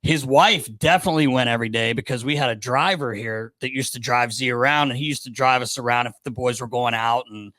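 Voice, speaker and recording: A man's voice: medium pitch, fairly quick, few pauses, dry recording. A man who works as a team equipment manager, casually telling stories with laughs and swearing. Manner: animated, laughs and swears while telling anecdotes. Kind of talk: casual storytelling chat.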